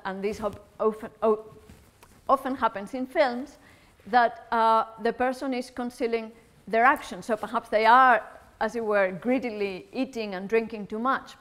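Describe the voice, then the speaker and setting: A woman with a Spanish accent giving an academic philosophy lecture in a lecture hall, explaining carefully and thinking aloud as she goes. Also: fairly high pitch.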